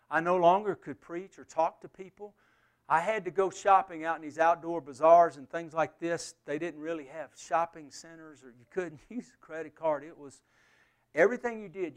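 A man preaching a sermon as a pastor and missionary, earnest, swinging from loud emphasis to hushed, near-whispered passages. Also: a little high.

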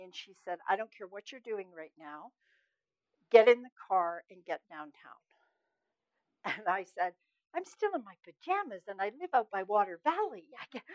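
A woman sharing a personal testimony of prayer, earnest and story-driven, dropping to a hush at moments. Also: mid-range voice, dry recording, dull audio. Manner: earnest storytelling, swings from loud to hushed. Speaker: ministry founder sharing testimony.

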